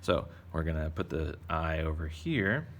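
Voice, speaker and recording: A man's voice: very deep voice, animated, unhurried, a little hiss or hum. A man casually teaching kids to draw, playful and chatty as he narrates each step. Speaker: art teacher. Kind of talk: casual drawing tutorial for kids.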